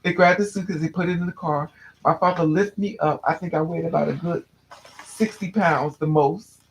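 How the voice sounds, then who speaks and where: Man, fairly high gravelly voice, recounting a painful past in a candid, halting way. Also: fairly even intonation, a little hiss or hum, rough recording. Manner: candid, restless, repeats and restarts phrases. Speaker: storyteller. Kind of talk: personal storytelling to a listener.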